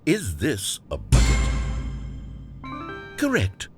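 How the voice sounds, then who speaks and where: A man's voice: fairly low pitch, wildly swooping pitch, takes it slowly, creaky, over loud music, full character voice. A man voicing a dry, patronizing video game narrator, reading scripted lines with mock patience.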